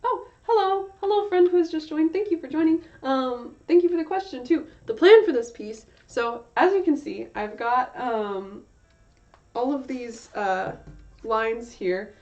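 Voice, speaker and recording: A woman's voice: high-pitched, unhurried, darkish tone. A young woman chatting casually on her art livestream, rambling with lots of fillers and correcting herself as she goes. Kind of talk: casual livestream chat while drawing. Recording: slightly dull lo-fi stream audio.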